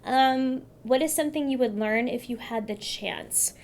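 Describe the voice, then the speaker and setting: A woman's voice: high voice, steady tone, moderate pace, hardly any pauses, fairly bright tone. A woman from California chatting to camera in a casual, upbeat vlog, talking straight to her viewers. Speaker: beauty vlogger.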